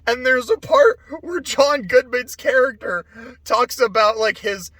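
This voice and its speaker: High-pitched guy rambling thru a movie review, swears a lot, dry close mic. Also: measured pace, no room sound. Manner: rambling, excitable, laughs and swears often. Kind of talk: off-the-cuff casual review.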